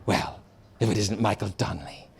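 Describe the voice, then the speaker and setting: A man's voice: on the low side, flat delivery, normal speed, slightly rough. A man voicing a fond woman teacher with a Northern Irish accent, cooing and proud. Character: fond, sweet-talking woman primary teacher.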